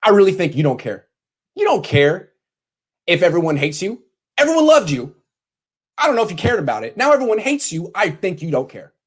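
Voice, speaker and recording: A man delivering a sarcastic, scolding vlog rant from his bedroom. His pitch rises and falls with animated, mocking emphasis. He talks straight to the camera and piles up jabs. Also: a little fast, breathy edge. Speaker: sports commentator.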